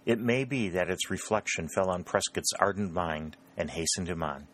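A man with a deep, low voice reads a novel aloud. His narration is steady and measured, in a plain storytelling manner. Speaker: audiobook narrator.

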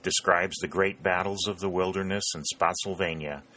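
A man reading an audiobook in a measured, even narration. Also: low voice.

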